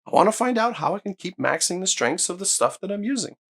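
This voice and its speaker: A man's voice: sits high, fast, slightly rough. A man hosting his own hi-fi channel, giving an enthusiastic, emphatic speaker review straight to camera. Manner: enthusiastic, emphatic, swears when excited. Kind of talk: excited gear review to camera.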